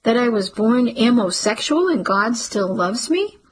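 A woman reading the part of a sulky young daughter who lisps through fake teeth, in a raspy voice. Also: on the high side, very animated, measured pace, exaggerated voice, low-quality recording. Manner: lisping, sulky.

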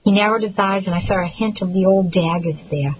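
A woman reading a first-person novel aloud in a measured, earnest and reflective way. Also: medium pitch, slight background noise, low-quality recording. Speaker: audiobook narrator.

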